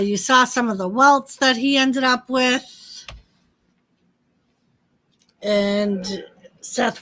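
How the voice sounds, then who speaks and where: Slow, chatty woman streamer. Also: on the high side, pushed and bright. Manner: chatty, greets viewers by name, talks to pets. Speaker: livestream host. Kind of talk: casual live wrestling commentary and chat.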